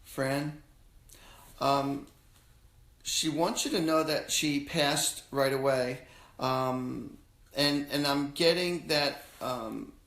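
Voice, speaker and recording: A man hosting a live stream as a psychic medium, talking casually and haltingly while he passes on messages in slangy quoted phrases. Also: a little high, a bit bright, reverberant. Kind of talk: live-stream readings for callers.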